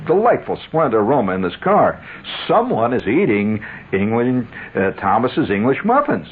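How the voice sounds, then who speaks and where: A man's voice: medium pitch, very animated, moderate pace, breathy edge. A man voicing an overly elegant male commercial passenger, in a mock-refined, ad-like delivery. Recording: tinny lo-fi radio recording.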